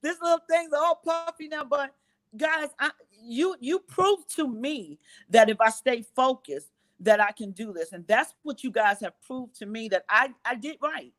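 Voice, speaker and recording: A woman in her fifties speaks with a notably high voice as a guest on a live-stream interview. She is effusive and emotional, and she circles back to repeat phrases for emphasis. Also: animated, unhurried. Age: 50s. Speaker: guest business owner.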